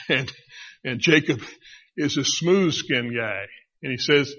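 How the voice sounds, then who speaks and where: A middle-aged man preaching a sermon, retelling a story in a conversational, animated way. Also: medium pitch, takes it slowly, long pauses. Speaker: pastor. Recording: dull lo-fi recording.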